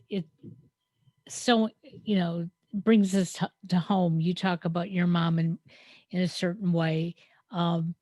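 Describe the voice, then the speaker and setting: A woman's voice: on the low side, a little mellow, no echo. A woman co-hosting a podcast, reflective and storytelling with frequent hesitant fillers. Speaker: podcast co-host. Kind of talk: conversational podcast talk.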